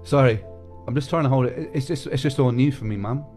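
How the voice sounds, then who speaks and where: Close to tears, a young streamer speaks emotionally to his fans, swearing, repeating himself and saying mate and bro. He talks fast in a dark, mid-range voice. Soft music plays in the background.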